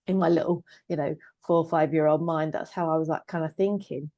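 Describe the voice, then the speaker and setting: A woman's voice: fairly low pitch, flat delivery, fast, few pauses, warm tone, no room sound, lo-fi sound. Give me a woman in her fifties telling her story plainly and evenly, close and dry on the mic. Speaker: guest, trauma coach and therapist. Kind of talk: personal story in casual conversation.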